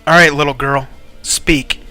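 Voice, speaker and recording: A man voicing a gruff, impatient guard captain who speaks bluntly and with threats. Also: on the high side, steady tone, measured pace, pushed and bright, faint music behind. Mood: stern.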